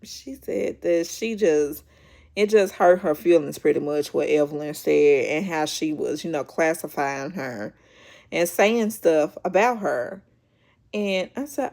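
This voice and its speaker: A woman's voice: low-pitched, lively intonation, a little slow, vocal fry, warm tone. A woman hosting a casual reality show recap, chatty and storytelling, acting out quotes with laughs.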